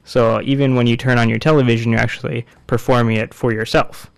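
A man in casual discussion, explaining a court case in a measured way with frequent fillers. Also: mid-range voice, level tone, creaky, smooth, no echo.

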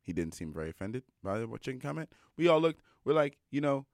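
A young adult man telling a personal story in a casual monologue, animated and emphatic, with many fillers. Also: mid-range voice, quick pace, few pauses, no room sound, studio quality.

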